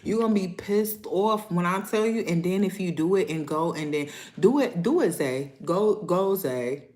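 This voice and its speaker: A woman from Niagara Falls with a New York accent, hosting a casual livestream chat and talking to viewers in loud, playful street slang, swearing freely. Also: fairly low pitch, lively intonation, moderate pace. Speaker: livestream host.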